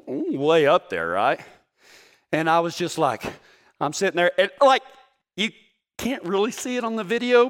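A man, preaching a sermon through folksy, joking personal stories. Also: high-pitched. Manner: folksy, joking, animated storytelling. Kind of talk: storytelling sermon.

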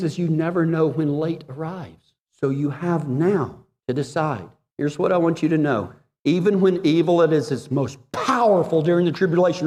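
Male preacher, fervent and pleading, medium pitch, recorded with a long echo in a hall. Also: expressive, fairly quick. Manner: impassioned, swings between loud urging and hushed pleading. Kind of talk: sermon.

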